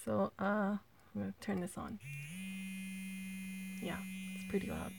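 A woman's voice: medium pitch, flat delivery, unhurried, gravelly, a little mellow, a little hiss or hum. A woman talking casually to her viewers in a product review, hesitant and full of fillers, and slightly out of breath. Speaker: vlogger.

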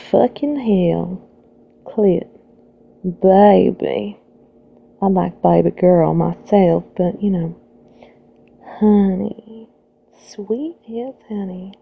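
Flirty southern belle, a woman doing the accent, slow sultry drawl, gravelly, tinny phone sound. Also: mid-range voice, heavily acted. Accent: put-on American Southern. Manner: slow sultry drawl, words half whispered. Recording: tinny phone-like audio, faint hiss.

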